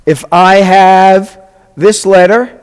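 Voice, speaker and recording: Man teaching a class, high voice, patient, spells out sounds slowly, long hall reverb. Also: steady tone, clear, resonant tone. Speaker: rabbi teaching a Hebrew class.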